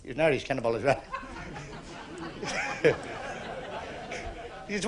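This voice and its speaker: A man telling a joke in a lively way. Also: medium pitch, measured pace, long pauses, crowd noise, noisy background.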